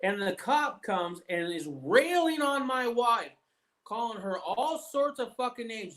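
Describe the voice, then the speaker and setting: A man's voice: very high-pitched, very animated, unhurried, a bit bright, poor audio. A man hosting a casual chat, telling stories in a loose, profane way. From United States. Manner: profane, storytelling. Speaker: host.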